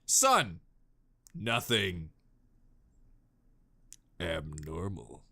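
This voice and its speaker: A man hosting a reaction video, chatting casually and goofily, jumping between low mutters and excited yells. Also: very slow, gravelly. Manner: goofy, exclamatory, jumps between mutters and yells.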